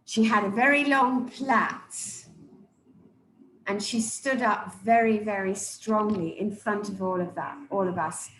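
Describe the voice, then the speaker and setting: A woman's voice: mid-range voice, fairly bright tone, a little hiss or hum. Emphatic woman coach in a roomy hall. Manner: emphatic and deliberate, repeats key words. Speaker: public speaking coach. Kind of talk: live speech evaluation to an audience.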